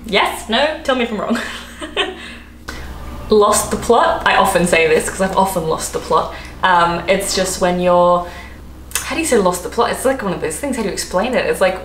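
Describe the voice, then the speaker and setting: A woman's voice: medium pitch, a bit bright. An Australian woman vlogger who chats in a rambling, giggly way as she explains slang. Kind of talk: casual explainer vlog. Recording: roomy echo, faint background noise.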